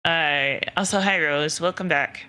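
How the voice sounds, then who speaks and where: A woman's voice: sits low, unhurried, pushed and bright, smooth. A woman streamer chatting casually and frankly with her viewers, rambling with plenty of fillers and the odd swear.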